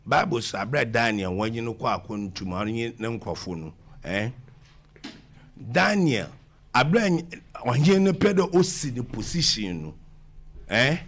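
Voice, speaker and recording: A man, answering questions in an animated conversational interview and mixing English with Twi. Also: medium pitch, a little slow. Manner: mixes English with Twi, talks over the interviewer.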